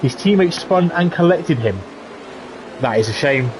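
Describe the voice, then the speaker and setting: A man's voice: fairly high pitch, lively intonation, noisy background. Chatty jokey male race commentator. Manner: chatty, jokey, quick asides. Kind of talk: live sim racing commentary.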